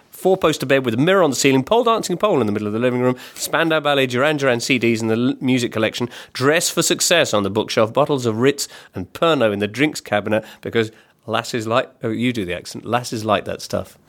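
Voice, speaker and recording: A man hosts a relaxed football podcast, with an ordinary mid-pitched voice. He talks in a loose, rambling way and gently mocks himself while reading out listener posts. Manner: chatty, self-deprecating, reads listener posts. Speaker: podcast host. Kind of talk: casual football podcast chat.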